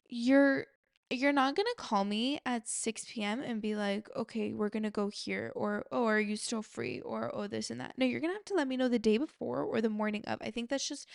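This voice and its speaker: A woman's voice: fairly high pitch, creaky, no echo, studio quality. A young adult woman hosting a podcast, telling a story in a chatty way, filling her talk with "like" and speaking straight to her listeners. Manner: chatty, heavy use of "like", addresses listeners directly. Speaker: podcast host. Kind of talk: casual storytelling.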